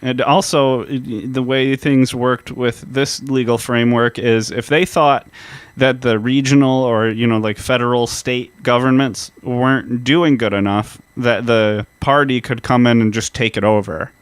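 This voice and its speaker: A man's voice: mid-range voice, steady tone, measured pace, clear, resonant tone, dry recording. A man co-hosting a history podcast, explaining events casually with fillers and the odd swear word. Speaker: podcast co-host.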